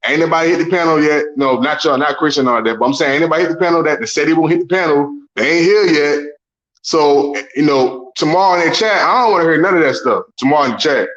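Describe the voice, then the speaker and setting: A man's voice: a little high, fast talker, a bit bright. Man, stream panel host, laid-back and blunt, muffled lo-fi sound. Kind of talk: casual live stream panel talk.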